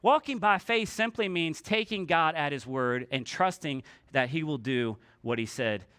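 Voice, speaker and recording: A man's voice: fairly high pitch, normal speed, bright, forceful tone, clear, resonant tone. A male pastor preaching a casual, conversational sermon in church, often acting out the voices of people in the story.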